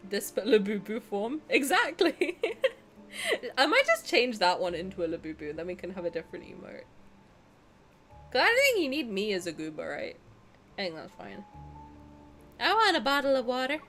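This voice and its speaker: A woman's voice: medium pitch, wildly swooping pitch, moderate pace, long pauses, a bit bright, faint music behind. A young Southern English woman streaming a game, chatting casually in a bubbly, giggly, self-mocking way. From South of England.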